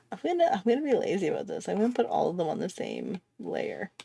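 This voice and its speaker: Chatty, laughing woman with a lively voice. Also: on the low side, creaky, breathy edge. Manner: chatty, self-mocking, laughs often. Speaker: artist hosting a drawing livestream. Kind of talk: casual chat while drawing.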